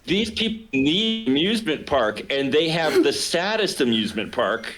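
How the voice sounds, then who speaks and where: A man with a Southern US accent hosting a podcast, asking questions and telling self-deprecating stories in an animated way. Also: fairly high pitch, moderate pace, crowd noise. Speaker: podcast host. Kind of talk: casual podcast chat.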